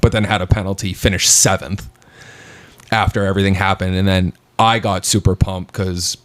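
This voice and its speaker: A man's voice: sits low, level tone, moderate pace, fairly bright tone, no room sound. A man co-hosting a podcast from his home basement, chatting casually and rambling with lots of fillers. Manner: rambling, filler-heavy storytelling. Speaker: podcast co-host. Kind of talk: casual chat.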